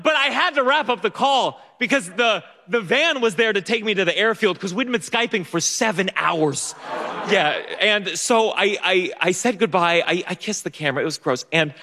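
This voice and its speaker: A man's voice: high voice, expressive, moderate pace, bright, forceful tone, big-room sound. A young man telling a funny personal story on stage, stammering through restarts and laughing at himself. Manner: stammering restarts, self-mocking, often laughing. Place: theater stage.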